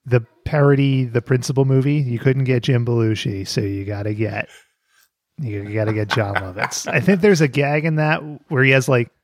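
A podcast co-host chats casually, joking playfully and laughing often. His voice is medium-pitched at a normal speed, recorded in studio quality with no room sound.

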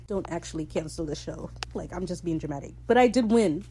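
A woman hosting a casual recap, excitable and gushing, swearing freely and switching into quick quoted voices. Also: on the low side, husky, low-quality recording. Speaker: podcast host recapping a TV episode.

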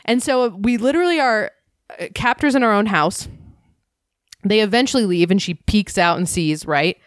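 A woman's voice: mid-range voice, normal speed, no room sound. Young woman, casual storytelling, lots of filler, cursing, dry close sound. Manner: animated storyteller, heavy "like" filler, swears freely.

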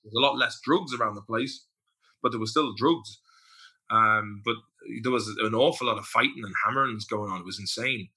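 Irish man, guest, very bright voice, chatty storyteller, swears freely. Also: fairly low pitch, moderate pace, husky. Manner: storytelling, profane, with acted-out quotes. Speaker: podcast guest. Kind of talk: casual chat.

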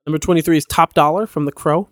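A man's voice: a little high, steady tone, fast talker, dry recording, studio quality. A young man co-hosting a podcast in casual chat, blunt and swearing often. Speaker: podcast co-host.

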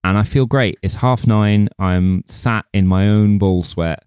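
A man's voice: on the low side, a little slow, a little mellow, clean tone, no echo, clean studio sound. A man co-hosting a film podcast, affectionate and sweary in casual banter. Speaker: podcast co-host. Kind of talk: casual chat.

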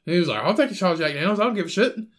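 A high-pitched man tells a bar story with a lot of cursing, slipping into quick voices for the people in it. His talk rambles, with restarts, and it has the easy feel of a podcast chat between friends. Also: lively intonation. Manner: profane, rambling, acts out other people's voices. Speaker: podcast host.

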